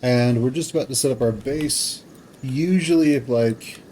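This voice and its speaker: A man's voice: medium pitch, normal speed, darkish tone, a little hiss or hum, poor audio. A man streaming a video game, thinking aloud in casual commentary with rambling restarts.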